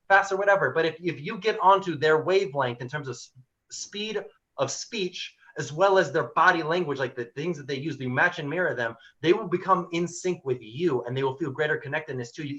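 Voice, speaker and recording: A man's voice: fairly high pitch, lively intonation, brisk, fairly bright tone, dull audio. A man hosting an online workshop, talking animatedly and acting out the people he quotes. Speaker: workshop host.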